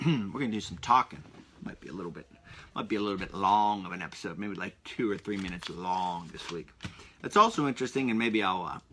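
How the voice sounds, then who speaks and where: Bright-voiced chatty male podcast host. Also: lowish voice, a little hiss or hum. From Pennsylvania. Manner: rambling and chatty, stalls with restarts and asides. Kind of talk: casual solo podcast monologue.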